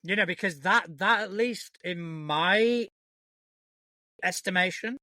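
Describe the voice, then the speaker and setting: A man's voice: high voice, slow, pushed and bright, dry recording. A man co-hosting a podcast in casual chat, thinking aloud and swearing casually. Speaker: podcast co-host.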